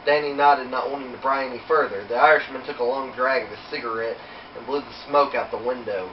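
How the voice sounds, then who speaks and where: A man reading his own horror story aloud in a steady, unhurried storytelling manner. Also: mid-range voice, a little hiss or hum. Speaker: author reading his book. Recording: roomy, distant, dull home recording.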